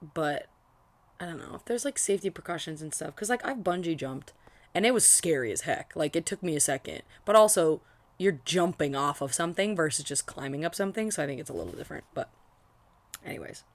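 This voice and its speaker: Low-voiced young woman rambling about books. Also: expressive, a little fast. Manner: rambling, many fillers and restarts. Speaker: book vlogger. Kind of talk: casual book reaction chat.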